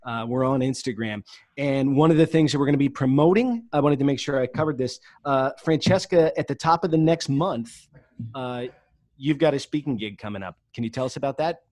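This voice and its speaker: Halting man hosting a podcast. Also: mid-range voice, a little mellow. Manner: halting, many fillers and restarts, thanks guests and listeners. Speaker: podcast host. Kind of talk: casual chat.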